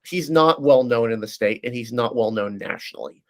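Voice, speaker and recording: A man speaking as a guest analyst in a casual political discussion, breaking down races quickly and often restarting his sentences. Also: medium pitch. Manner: fast, analytical, frequent restarts.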